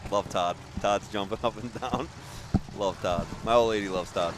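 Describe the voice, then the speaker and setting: A man's voice: lowish voice, moderate pace, background noise. A man announcing a demolition derby live, calling drivers and chatting with jokes and laughter. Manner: chatty, joking, laughs often. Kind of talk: live play-by-play commentary.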